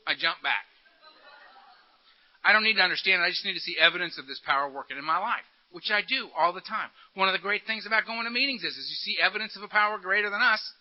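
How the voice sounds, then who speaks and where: A man giving a recovery meeting talk in an animated, joking, punchy storytelling manner. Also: sits high. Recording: dull lo-fi recording.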